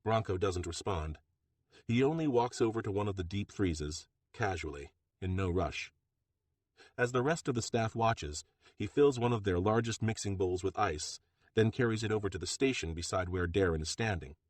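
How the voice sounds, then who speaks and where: Low-voiced male audiobook narrator. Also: dry recording. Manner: steady, measured storytelling. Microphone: close studio mic.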